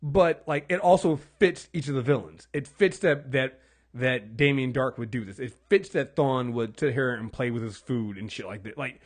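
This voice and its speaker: A man co-hosting a casual TV recap podcast, rambling and animated, swearing freely and acting out characters' lines. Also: mid-range voice, normal speed. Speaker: podcast co-host.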